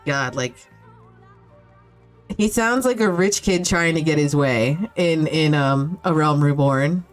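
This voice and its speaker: Low-voiced woman streaming a game. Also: takes it slowly, soft background music. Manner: chatty, reacts aloud, swears, laughs often. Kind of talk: casual live-stream commentary.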